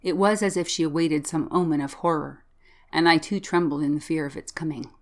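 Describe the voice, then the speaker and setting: Woman reading a spooky old story out loud, deep voice, slow and dramatic. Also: fairly even intonation. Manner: measured, dramatic first-person narration. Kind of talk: storybook reading of a gothic tale.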